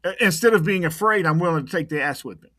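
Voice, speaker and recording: A man's voice: fairly high pitch, quick pace, pushed and bright, dry recording, studio quality. A man talking casually on a podcast as a private investigator guest, blunt and tough, often repeating words as he goes.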